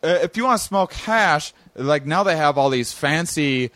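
A man with a fairly high voice tells a story in a loose, casual way. He gets animated and jumps up high when he quotes people. The sound is dry and close. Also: normal speed, no room sound. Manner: animated, swings to high excited tones when quoting. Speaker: podcast guest telling a story.

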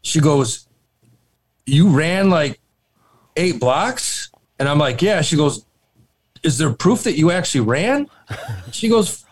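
A man with a fairly high, lively voice tells a wild story to his co-hosts in loose, profane chat. His delivery swings up and down as he builds each beat. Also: takes it slowly, long pauses, slightly rough. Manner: animated, swearing, laughing storyteller. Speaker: podcast co-host. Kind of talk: casual storytelling.

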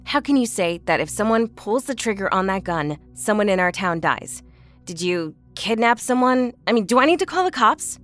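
A woman's voice: medium pitch, animated, moderate pace, a bit bright, soft background music, natural voice. An actress playing a skeptical, blunt young woman in an audio drama, impatient and mocking. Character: skeptical, brash young woman, older sister.

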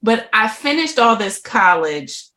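Lively, laughing woman telling her story. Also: fairly high pitch, measured pace. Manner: animated, laughs often, acts out quoted voices. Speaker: podcast guest. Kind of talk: storytelling in a podcast interview.

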